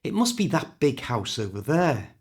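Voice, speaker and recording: A man with a British accent voicing a brisk, exasperated mother on a family holiday in a storybook reading. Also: medium pitch, very animated, husky. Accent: British English.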